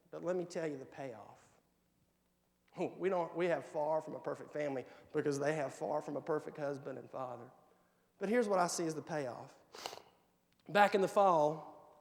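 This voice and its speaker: A man's voice: fairly high pitch, normal speed, creaky, in a large hall. A male pastor preaching a sermon and telling personal family stories. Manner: tells personal family anecdotes, quoting his kids. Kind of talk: sermon storytelling. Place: church sanctuary.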